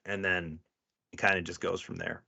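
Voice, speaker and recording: A man's voice: low-pitched, moderate pace, creaky, breathy edge. A man, a podcast co-host and police officer, telling stories in casual chat, cursing freely and acting out the people he quotes. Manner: profane, animated, acts out quoted people. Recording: dull lo-fi audio.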